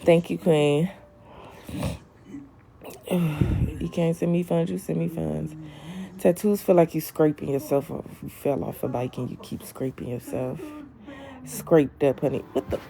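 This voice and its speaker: Crowd noise fills the background as a young woman casually livestreams from home, going through comments and sassily calling her viewers honey and queen. She speaks a little slowly in a low, gravelly voice, pausing often.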